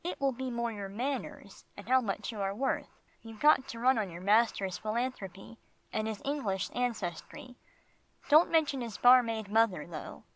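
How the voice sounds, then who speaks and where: A woman's voice: on the high side, lively intonation, moderate pace, no echo, rough recording. A woman voicing a polite, curious young male dog who asks careful questions in an audiobook.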